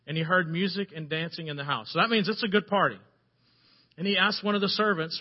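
A man delivers a sermon in a fairly high voice, and he tells the story with energy, rising to loud passages and then dropping to a hush. The recording is dull and lo-fi. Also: fast talker. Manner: animated storytelling, swinging between loud and hushed. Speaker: preacher.

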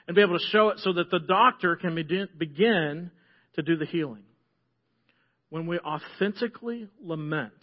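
Middle-aged male pastor, high-pitched, preaching earnestly with soft hushed drops; slightly muffled recording. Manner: earnest, drops to a soft hush on key phrases. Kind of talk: sermon.

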